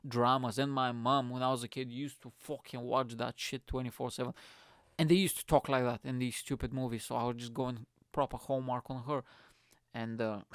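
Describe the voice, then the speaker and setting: A young man rants through a story on his own show, swearing freely and laughing at himself. His voice is gravelly yet smooth, and the recording is dry and close. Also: medium pitch, no echo. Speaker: podcast host. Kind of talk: casual storytelling rant.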